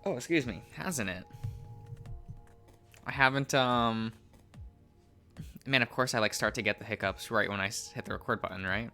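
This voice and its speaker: A man's voice: medium pitch, normal speed, pauses often, sharp tone, soft background music. A man hosting a let's-play, chatting offhand between remarks and reading the game's text aloud. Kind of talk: casual gameplay commentary, reading game text aloud.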